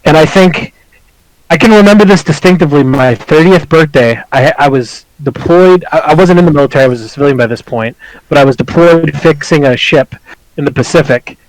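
A man's voice: on the high side, a little fast, no echo, low-quality recording. A man talking candidly and reflectively in a casual podcast conversation, chuckling now and then as he tells his stories. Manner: reflective, open, chuckles while telling stories.

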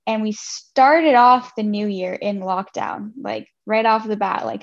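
Woman host from Ontario, gravelly fry, friendly and affirming, casual interview, lo-fi sound. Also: mid-range voice, measured pace. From Ontario, Canada. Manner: friendly, affirming, loose phrasing. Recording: dull lo-fi audio.

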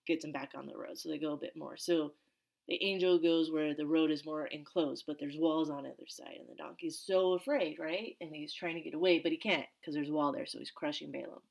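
A woman teaching a casual Bible study, reading verses and then chatting about them in an animated way that is full of asides. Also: low voice, brisk, gravelly.

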